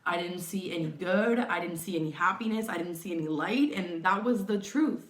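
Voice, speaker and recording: A young woman speaking in a lowish voice, sharing a personal story as a confessional vlog. Her speech is hesitant, with repeated words and frequent fillers. The room around her has a noticeable echo. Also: lively intonation, moderate pace. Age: young adult. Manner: hesitant, repetitive, many fillers and restarts. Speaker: vlogger. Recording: echoey room.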